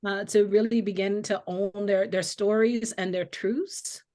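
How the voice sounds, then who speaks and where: A woman's voice: mid-range voice, steady tone, a little slow, darkish tone. Woman host, earnest, builds her point step by step, keeps checking in with right?. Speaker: host and coaching company founder. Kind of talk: interview conversation.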